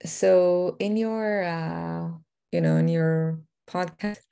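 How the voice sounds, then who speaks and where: A woman's voice: lowish voice, fairly even intonation, takes it slowly, creaky, dark tone, smooth. A woman interviewer asking questions hesitantly, with many fillers. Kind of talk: conversational interview.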